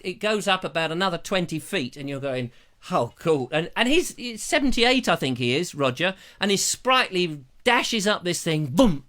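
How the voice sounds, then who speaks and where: A middle-aged English man with an English accent, telling a rambling story on a live stream and acting out bells and voices. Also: high voice. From England. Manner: animated, mimics bell sounds and voices. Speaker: vlogger hosting a live stream. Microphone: lavalier.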